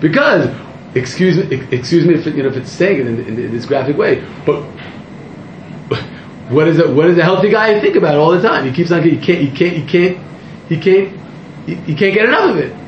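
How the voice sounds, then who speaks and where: Man, rabbi's sermon, high voice, rambling, echoey room. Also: brisk, slight background noise. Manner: animated, rambling, self-interrupting, rising to near-shouts. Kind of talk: sermon to a live audience. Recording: echoey room, muffled sound.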